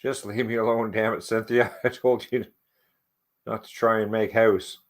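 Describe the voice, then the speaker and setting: A man reading as a gruff hungover father. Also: on the low side, level tone, normal speed, close to an everyday voice. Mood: grumbling. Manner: grumbling, crude.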